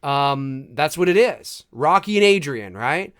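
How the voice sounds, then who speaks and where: A man talks over a movie in loose, joking commentary, laughing and tossing in mock lines from the scenes. His voice sits high and swings widely up and down as he reacts. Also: lively intonation, measured pace, clean tone. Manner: chatty, jokey, reacting with laughs and mock quotes. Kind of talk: casual live movie commentary.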